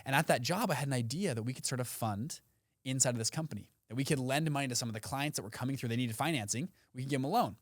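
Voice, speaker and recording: A man in his twenties, a podcast guest telling his story with animated, acted-out quotes. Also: mid-range voice, racing, no echo, studio quality. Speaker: podcast guest, fund founder. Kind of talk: casual storytelling interview.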